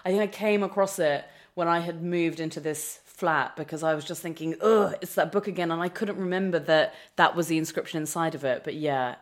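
A woman's voice: sits low, brisk, hardly any pauses. A woman, chatting about books in a self-deprecating, laughing way. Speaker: guest. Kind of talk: casual chat about books.

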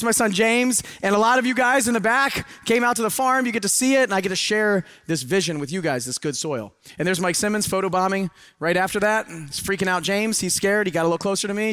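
A middle-aged man giving a live, preachy seminar talk to an audience, swinging between loud urging and hushed asides. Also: high voice, dry recording, studio quality. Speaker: motivational speaker. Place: event hall with a live audience.

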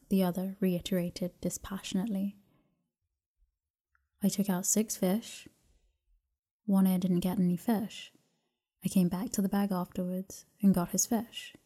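Woman, bedtime story narrator, soft and unhurried, flat even delivery, warm dark tone. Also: fairly low pitch, breathy edge. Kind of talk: calm bedtime story reading.

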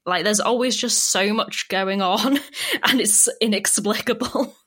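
A chatty young woman talks through a TV episode with her co-host. Her voice sits at a middle pitch, and she laughs often and acts out the characters' lines. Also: measured pace, fairly bright tone, husky. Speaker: podcast co-host. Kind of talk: casual chat recapping a TV episode.

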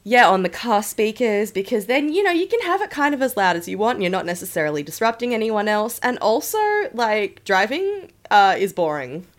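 A woman co-hosting a casual podcast, very loud and excitable, breaking into shrieking laughter and swearing freely. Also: mid-range voice, brisk, few pauses. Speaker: podcast co-host. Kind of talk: casual chat.

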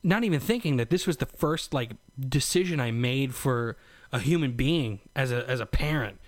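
A man's voice: mid-range voice, animated, moderate pace, no room sound. A young man telling a rambling, profane story about becoming a father, full of "like" and "you know.". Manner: rambling, profane, lots of fillers. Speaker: new father telling his birth story. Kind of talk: casual storytelling vlog.

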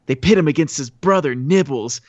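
A man's voice: on the high side, brisk, darkish tone, no room sound, highs cut off. A man co-hosting a podcast, recapping a film in a rambling, casual way. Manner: rambling storyteller, acts out quotes. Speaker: podcast co-host.

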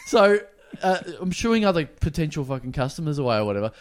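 Male podcast host, lively swearing storyteller, slightly high voice. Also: fast talker. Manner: animated, sweary, acts out both sides of a story. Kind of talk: casual storytelling chat.

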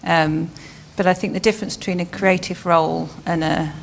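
Earnest woman guest, creaky and monotone, faint noise behind. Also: fairly low pitch, moderate pace. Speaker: panel guest. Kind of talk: panel discussion.

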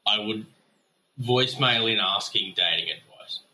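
A man's voice: lowish voice, a little slow, bright, forceful tone. An Australian man leaving a casual voicemail, swearing freely and ranting with mock anger. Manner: profane, blustering, mock-angry. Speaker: voicemail caller.

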